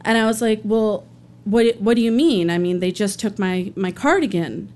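A woman's voice: mid-range voice, normal speed, a little mellow. A woman telling a true personal story on stage, earnest and acting out the people she quotes.

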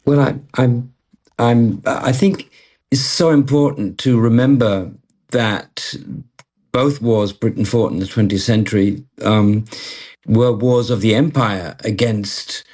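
A man's voice: medium pitch, steady tone, slow, darkish tone, slightly rough. A man speaking in a radio discussion, emphatic and stumbling over his words. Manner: stammering, emphatic.

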